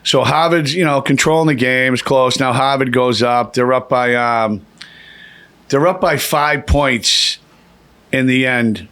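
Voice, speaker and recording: A man telling a long, animated and profane story in a casual podcast chat, acting out quoted lines in a raised voice. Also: medium pitch, measured pace.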